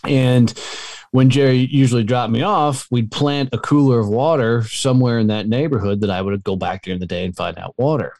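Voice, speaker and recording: A man's voice: mid-range voice, a little fast, darkish tone, dry recording. A middle-aged man, a Marine veteran guest, telling stories in an easygoing, chummy way. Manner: easygoing, chummy, calls the host dude and brother. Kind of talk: casual storytelling interview.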